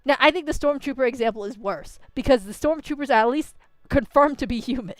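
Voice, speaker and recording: Woman game streamer, ranting commentary, crisp close voice, dry sound. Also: high-pitched, quick pace, dry recording. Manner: animated, ranting, swears a lot. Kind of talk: casual reaction commentary.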